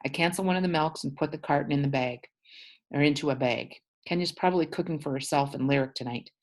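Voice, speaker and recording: A woman teacher reading a novel aloud to her class, pausing to explain words. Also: deep voice.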